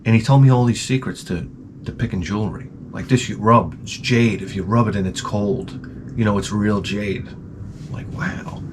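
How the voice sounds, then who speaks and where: A man hosting his own channel, telling crude, rambling comic stories and breaking into sudden high-pitched outbursts. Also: normal speed, noisy background. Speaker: channel host.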